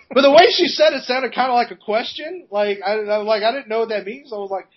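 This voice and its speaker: A man co-hosting a podcast, telling a story in a casual, animated way, laughing and swearing as he goes. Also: very high-pitched, brisk. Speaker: podcast co-host. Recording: dull lo-fi podcast recording.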